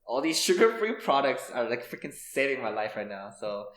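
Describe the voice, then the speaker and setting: A young man in his twenties chats on a podcast in a rambling, filler-heavy way and laughs easily. His voice sits at a middle pitch. The sound bounces around an echoey room. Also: very animated, fairly quick, fairly bright tone. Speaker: podcast co-host. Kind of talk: casual chat.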